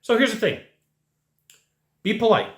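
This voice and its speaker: A man's voice: sits high, animated, a little slow. A man giving blunt, conversational sales coaching straight to his viewers, full of rhetorical questions. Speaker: sales trainer. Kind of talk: direct-to-camera sales coaching. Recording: roomy echo.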